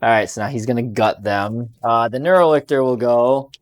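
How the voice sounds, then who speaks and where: A man in casual banter over a tabletop wargame. He talks fast through rules and dice rolls, breaking into excited outbursts when a roll goes badly. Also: medium pitch. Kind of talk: casual battle report banter.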